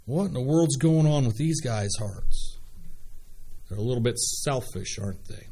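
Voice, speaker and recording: A man preaching a sermon in a folksy, animated way, reading scripture and acting out the people in it. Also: medium pitch, unhurried, breathy edge.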